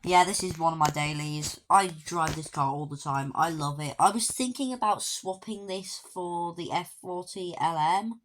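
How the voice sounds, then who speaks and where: Woman, casual game walkthrough narrator, low voice, dry offhand humour. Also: normal speed, few pauses. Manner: dry, offhand joking asides. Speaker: gaming video creator.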